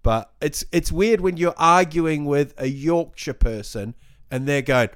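A man's voice: fairly high pitch, a little slow, smooth. A man in a casual football chat, talking in a rambling way with many restarts.

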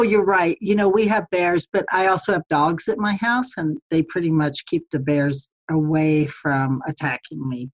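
Chatty middle-aged woman, lower voice. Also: lo-fi sound. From United States. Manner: chatty, laughs often, many "um"s and restarts. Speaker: podcast guest, publisher. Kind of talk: casual interview chat. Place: home in the mountains of Colorado.

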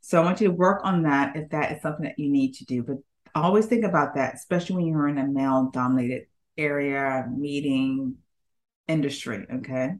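A woman who is a public speaking coach giving an emphatic talk to her audience, often checking in with "okay?" and swinging her pitch up and down for emphasis. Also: fairly quick.

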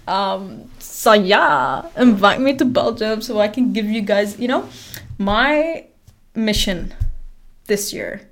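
A woman's voice: medium pitch, animated, measured pace. A woman of twenty hosting a podcast, chatting casually, rambling with fillers and laughing often. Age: 20s. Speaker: podcast host. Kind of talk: casual chat.

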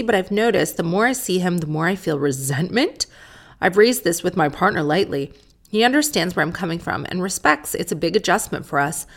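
A woman talks through a casual solo podcast, candid and sardonic and not shy of swearing. Her voice sits on the low side and carries a steady gravelly fry. She reads listener letters in the same easy, blunt way she chats. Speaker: podcast host.

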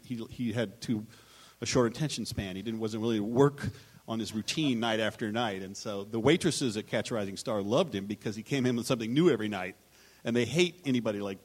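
A man on a live writers' panel, telling anecdotes in a rambling, self-interrupting way and acting out quotes. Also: on the low side.

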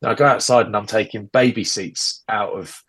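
A man's voice: lowish voice, steady tone, moderate pace, fairly bright tone, husky. A British man in his forties on a casual podcast, rambling through an exasperated rant, recording on earbuds at a relative's house. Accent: British English. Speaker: podcast co-host. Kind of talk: casual chat. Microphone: AirPods earbuds.

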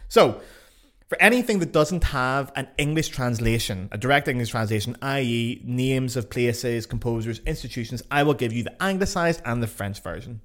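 Blunt, sweary Northern Irish man. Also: medium pitch. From Northern Ireland. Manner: blunt, sweary and self-mocking. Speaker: podcast host. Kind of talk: casual podcast monologue.

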